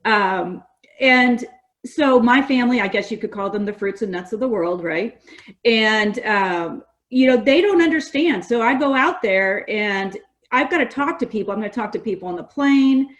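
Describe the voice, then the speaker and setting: A middle-aged woman from California, a guest on a podcast, talking in a lively, story-driven conversational way. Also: a little high, moderate pace. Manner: animated storyteller, quotes others in lively voices. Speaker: guest, gas industry association representative.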